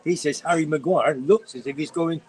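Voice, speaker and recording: A man's voice: a little high, fairly quick, darkish tone, poor audio. Chatty man in his sixties. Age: 60s. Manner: chatty, banters and reads out viewer comments. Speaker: co-host. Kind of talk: casual live-stream chat.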